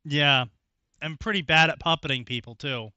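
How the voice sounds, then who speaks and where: A man's voice: on the high side, normal speed, sharp tone, no echo. A man co-hosting a stream, reading fanfiction aloud and making dry sarcastic asides. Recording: dry, dull lo-fi mic.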